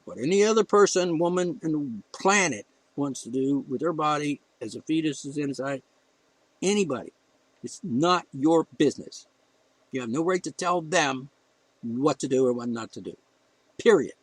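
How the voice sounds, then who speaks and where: Heated, ranting man, fairly high voice. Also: dry recording, low-quality recording. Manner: blunt, heated ranting with profanity. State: emotional. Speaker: podcast host. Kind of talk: opinion monologue.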